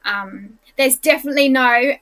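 This is an Australian woman with a bright, slightly high voice, chatting casually. She is talkative and laughs easily, and her voice often drops quiet as a thought trails off. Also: moderate pace. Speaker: podcast guest. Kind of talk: casual chat.

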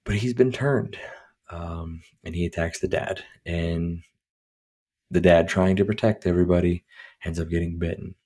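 A man's voice: deep voice, fairly even intonation, normal speed, warm tone. A man hosting a casual solo podcast at home, reviewing a movie in a rambling, profane way full of fillers and restarts. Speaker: podcast host. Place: home recording with his dog nearby.

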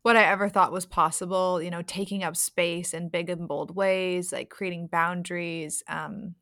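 A woman with a slightly low but bright, forceful voice tells stories in a casual podcast chat. She is animated and laughs often. The sound is close and dry. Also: normal speed, no room sound. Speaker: podcast guest, sex coach.

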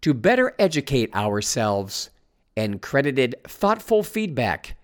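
Sarcastic male commentator, lively pitch. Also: takes it slowly. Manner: mocking, sarcastic asides. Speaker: host. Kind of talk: sarcastic commentary reading news.

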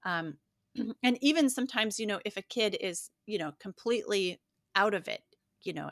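Calm woman co-host, dry sound. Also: medium pitch, moderate pace, dry recording. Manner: calm, thoughtful, explaining. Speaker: podcast co-host. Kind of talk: casual chat.

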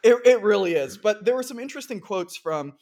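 A man's voice: sits high, lively intonation, brisk, darkish tone. A man hosting a news podcast in a casual, wry, chatty manner, walking through stories and reading out quotes. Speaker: podcast host.

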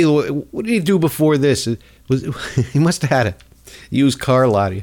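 A man's voice: medium pitch, animated, a little slow, a little mellow. A man hosting a comedic political rant in a mocking, rambling way. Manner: mocking, rambling, jumps into voices. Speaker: host.

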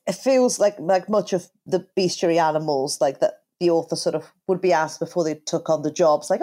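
A woman's voice: lowish voice, a little fast, few pauses, mellow. A woman co-hosting a podcast, explaining things with a playful, dry sense of humor. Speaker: podcast co-host. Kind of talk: casual podcast chat.

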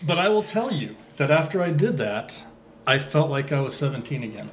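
A man's voice: on the high side, very animated, normal speed, a little hiss or hum. A laid-back man in his forties, chatting casually on a podcast and telling a story with a laugh. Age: 40s.

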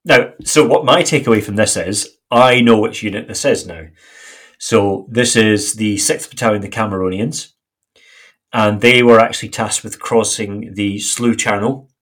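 A man's voice: lowish voice, fairly even intonation, moderate pace, fairly bright tone. A man in his forties co-hosting a podcast, talking in a rambling, conversational way. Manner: rambling and conversational, with frequent fillers. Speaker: podcast co-host. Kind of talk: casual chat.

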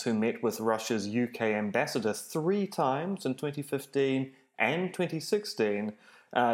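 Deadpan man with lively pitch. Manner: dry, deadpan humour. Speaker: podcast guest. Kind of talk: casual podcast chat.

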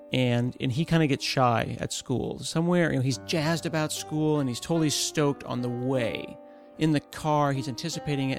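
A man telling an animated anecdote as a podcast guest, acting out excited voices in between. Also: mid-range voice, gravelly. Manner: acts out excited child voices loudly.

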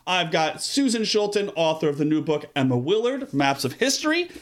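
A man hosting a podcast, talking in a casual, upbeat way with quick asides and restarts. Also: on the high side, sing-song. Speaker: podcast host.

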